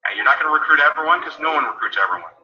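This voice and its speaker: A man giving a sales training talk, coaching listeners and acting out sample phone calls in quick asides. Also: a little high, expressive. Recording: tinny phone line, echoey and distant.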